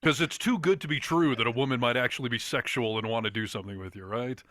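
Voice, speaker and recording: A man's voice: medium pitch, fairly bright tone, dry recording, clean studio sound. A man co-hosting a podcast in casual chat, reacting with wry jokes. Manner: quick reactions and wry jokes, laughs often. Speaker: podcast co-host.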